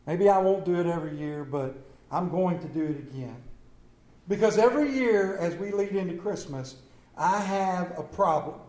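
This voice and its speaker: A male preacher giving a sermon in a hushed, dramatic storytelling manner. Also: high-pitched. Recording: echoey room.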